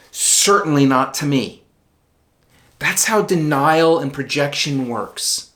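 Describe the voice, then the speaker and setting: Video essayist, solo commentary; slow, deliberate, earnest delivery straight to viewers, mid-range pitch. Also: fairly bright tone. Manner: earnest, direct address to viewers.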